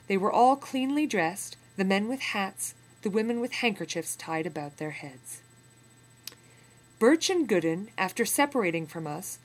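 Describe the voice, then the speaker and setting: A woman reading a memoir aloud in a lesson, pausing for relaxed explanatory asides. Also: medium pitch. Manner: clear reading, then relaxed asides with fillers. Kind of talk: reading aloud with casual commentary.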